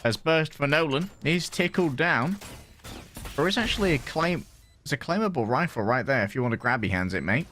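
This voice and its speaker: A man casting an esports match with quick, playful play-by-play commentary. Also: fairly high pitch, expressive, a bit bright, slight background noise. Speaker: esports caster.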